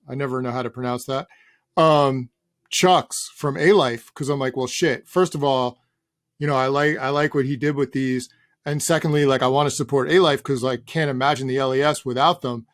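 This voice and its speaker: A man's voice: a little high, dry recording. Middle-aged male guest, loose and rambling, casual swearing, dry recording. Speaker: guest, sneaker journalist. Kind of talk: casual interview chat.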